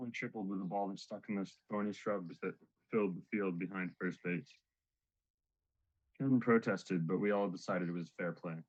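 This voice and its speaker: A man's voice: low-pitched, steady tone, brisk, a little mellow, dull audio. A man playing a log keeper, reciting a kids' ball game play by play in a matter-of-fact monologue. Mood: deadpan. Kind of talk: stage monologue.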